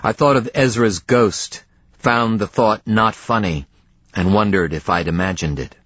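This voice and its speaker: A man narrating a novel in the first person, measured, with dramatic pauses, in a dry, slightly dull audiobook recording. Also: on the low side, a bit bright, no echo.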